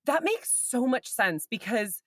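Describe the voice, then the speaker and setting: A woman co-hosting a casual philosophy podcast, lively and curious, laughing often. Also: fairly high pitch, unhurried, dry recording, studio quality. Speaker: podcast co-host.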